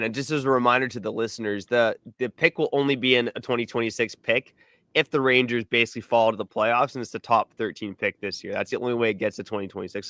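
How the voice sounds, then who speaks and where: A man co-hosting a podcast, explaining things in a measured way. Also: medium pitch, sharp tone, no echo, clean studio sound. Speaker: podcast co-host. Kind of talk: casual podcast analysis.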